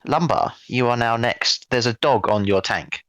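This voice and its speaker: A man narrating as game master of a tabletop game, with a bright, forceful tone. His voice is close and dry, with no room sound, and he keeps the scene light with playful jokes. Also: mid-range voice, moderate pace, no room sound, low-quality recording. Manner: describes events playfully, jokes with players.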